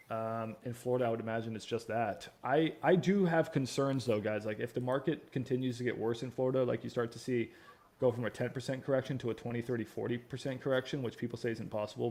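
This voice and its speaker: A man hosting a casual training livestream from a home studio, talking loosely with slang and quick restarts. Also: medium pitch, a little mellow. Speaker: host of a real estate training livestream. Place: backup home studio at his father's house.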